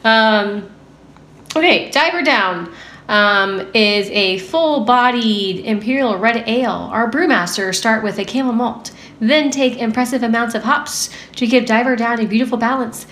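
A woman's voice: fairly high pitch, unhurried, a bit bright. A woman co-hosting a podcast in casual chat, goofy and rambling. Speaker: podcast co-host. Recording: roomy echo, faint background hum.

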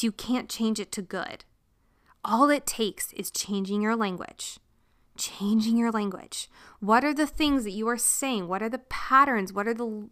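A young woman with a bright, clear voice sits slightly high in her register. She talks through burnout with animated energy, slipping into stressed inner monologues and the odd casual curse. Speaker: podcast host. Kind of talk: motivational talk.

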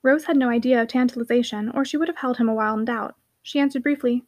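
A woman narrating a classic novel as an audiobook reader, in a brisk, clear reading. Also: on the high side. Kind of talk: scripted narration.

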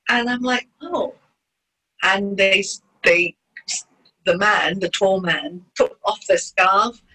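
A middle-aged woman tells a personal story as an interview guest. Her voice is bright and forward, and she talks at an ordinary middle pitch. She is animated and stumbles into quick restarts as the story runs on. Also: rough recording. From Hong Kong. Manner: lively, acts out quoted voices, frequent restarts. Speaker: interview guest, former ballerina.

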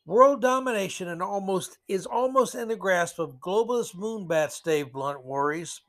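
Male podcaster, somewhat higher pitch, sarcastic rambling commentary. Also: moderate pace, a bit bright. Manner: sarcastic, mocking, rambling asides. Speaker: podcast host.

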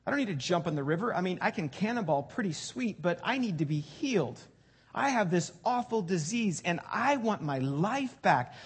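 A man's voice: sits high, husky, exaggerated voice. A man voicing a proud, indignant army commander who complains in long, huffy rambles.

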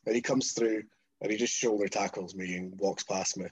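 A Scottish man, a wrestler, telling a story in casual chat, animated and swearing freely as he acts out what others said. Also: on the low side, normal speed, slightly rough, low-quality recording. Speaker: wrestler guest.

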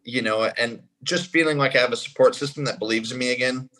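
Male interview guest, a drummer; animated, casual storyteller who acts out each exchange. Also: medium pitch, quick pace, low-quality recording.

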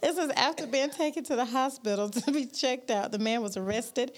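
Casting: a woman co-host on a chat show, fairly high voice, giggly storytelling. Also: fairly quick. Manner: giggly storytelling, laughing between lines. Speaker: co-host reading news stories. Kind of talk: casual radio chat.

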